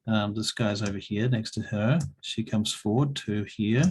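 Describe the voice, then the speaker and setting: A man working as game master, briskly calling for rolls and narrating the action. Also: on the low side, darkish tone, a little hiss or hum. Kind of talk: running a tabletop game.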